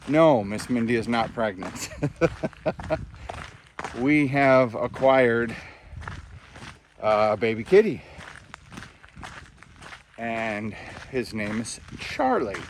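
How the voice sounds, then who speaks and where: A man's voice: lowish voice, takes it slowly, long pauses, a little hiss or hum. A man narrating a casual hiking vlog outdoors on a park trail, chatting to viewers as he walks. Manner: relaxed, chatty, talks to viewers while hiking. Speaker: hiking vlogger.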